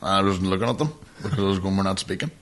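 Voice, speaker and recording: With a low voice and rapid-fire delivery, this man co-hosts a podcast and spins a lengthy, animated tale in relaxed conversation. He swears and laughs as he goes.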